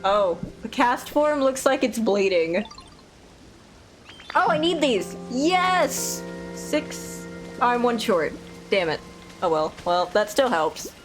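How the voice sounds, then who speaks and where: A woman streaming a game, chatting casually and sleep-deprived, playful, rambling and quick to laugh. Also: mid-range voice, lively intonation, poor audio. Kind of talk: casual gameplay commentary. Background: game music.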